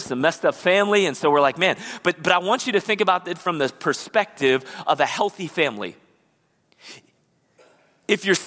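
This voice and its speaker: Male pastor, bright high voice, animated sermon delivery, reverberant church hall. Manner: animated preacher who acts out the people he describes. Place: church sanctuary.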